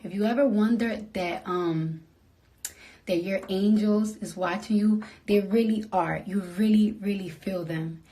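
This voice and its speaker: Sleepy, emotional woman talking softly. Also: medium pitch, measured pace. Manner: soft, emotional, often drops to a whisper. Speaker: livestreamer. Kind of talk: casual late-night livestream talk. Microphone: phone.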